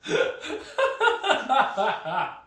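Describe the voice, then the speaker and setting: A male comedian telling a story on a podcast, animated and profane, acting out other people's lines. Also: very high-pitched, very slow. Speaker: comedian guest. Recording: echoey room, distant mic.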